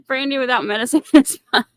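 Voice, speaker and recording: A woman's voice: sits high, a little fast, clean tone, dry recording, studio quality. Giggly rambling woman streamer. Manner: giggly, rambling, self-mocking. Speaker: livestream host. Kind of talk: casual livestream chat.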